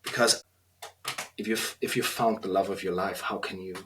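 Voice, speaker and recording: A man in his thirties with an Austrian German accent, a guest on a podcast interview, talking earnestly and reflectively with halting restarts. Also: low voice, fairly even intonation, fairly bright tone, a little hiss or hum. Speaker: podcast guest, trainee priest.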